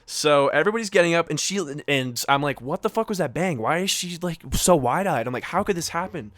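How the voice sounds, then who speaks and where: A man's voice: on the high side, lively intonation, fairly quick, a bit bright, no room sound. A young man co-hosting a podcast, telling a story in a casual, rambling way full of fillers and acted-out quotes. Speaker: podcast co-host.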